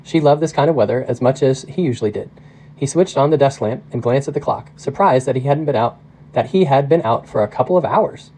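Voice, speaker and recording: Steady mellow guy reading a novel out loud, measured pace. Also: medium pitch, low-quality recording. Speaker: pastor reading a novel aloud. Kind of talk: audiobook narration.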